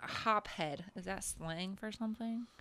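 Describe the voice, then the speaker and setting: Woman, podcast co-host, bright voice, smooth and clear, curious casual talk. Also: medium pitch, a little slow, dry recording. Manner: curious, asks questions, relaxed and informal. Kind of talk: casual movie discussion.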